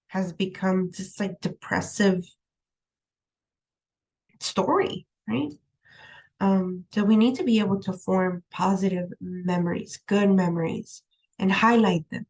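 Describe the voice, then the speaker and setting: A woman's voice: mid-range voice, darkish tone, rough recording. A woman lecturing from her room at home, in a conversational style that leans on "um" and "right?". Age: young adult to middle-aged, has a young daughter. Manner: conversational, repeats "right?" and "um", laughs easily. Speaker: college instructor. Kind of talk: recorded online lecture.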